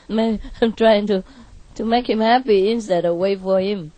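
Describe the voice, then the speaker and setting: A woman telling an animated story to an audience in non-native English, laughing often and lifting her voice for her own quoted words. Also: medium pitch, takes it slowly, no room sound. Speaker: spiritual teacher addressing an audience.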